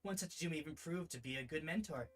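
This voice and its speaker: A man's voice: a little high, lightly acted. Man reading a courteous, formal companion. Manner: formal, measured, gently encouraging.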